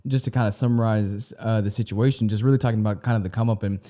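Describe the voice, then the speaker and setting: A man with a fairly low, dark, mellow voice hosts a music reaction video. He speaks casually and hesitantly, thinking aloud with frequent pauses and restarts. He often turns to ask his viewers questions. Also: steady tone. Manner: asks the viewers questions directly.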